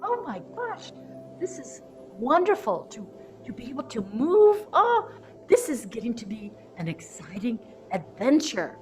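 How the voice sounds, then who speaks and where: Newborn baby, wondering and quick to fuss, soft breathy halting talk, put on by a woman, slow pace. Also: a little high, lively intonation, faint music behind. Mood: delighted. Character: newborn baby, wondering, easily upset and soothed. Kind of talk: guided meditation role-play.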